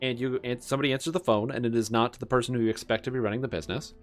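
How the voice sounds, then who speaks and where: Over faint background music, a young gamer chats rapid-fire in a mid-range voice with fairly even intonation. Streaming from a webcam setup, he wanders from story to story in casual talk.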